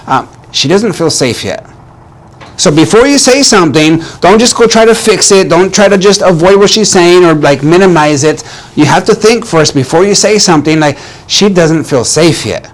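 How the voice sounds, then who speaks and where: A man with a slightly higher voice talks through relationship advice like a coach. He is earnest and repeats his points, stumbling into restarts as he speaks directly to the listener. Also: expressive, moderate pace. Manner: earnest, repetitive, addresses viewer as "man", many restarts. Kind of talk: direct-to-camera advice talk.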